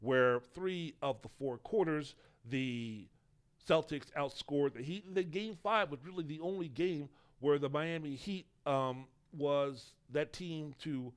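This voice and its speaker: A man's voice: fairly high pitch, a little slow, smooth. Opinionated man hosting a sports podcast. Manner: rambling, opinionated, swears casually. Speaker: podcast host. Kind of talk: solo sports podcast commentary.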